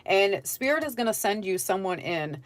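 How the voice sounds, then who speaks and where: A very animated woman with a mid-range voice does a casual tarot reading at a moderate pace, with no room sound. Talking right to the viewer, she's chatty, hands out direct advice, and repeatedly asks "okay?"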